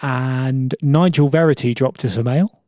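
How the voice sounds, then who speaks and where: A man's voice: medium pitch, measured pace, dark tone, dry recording. A man with a mid-range voice co-hosts a tech podcast, cueing up listener mail and chiming in with short, dry comments. The recording is close with no room sound. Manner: brief, dry remarks and cues. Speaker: podcast co-host.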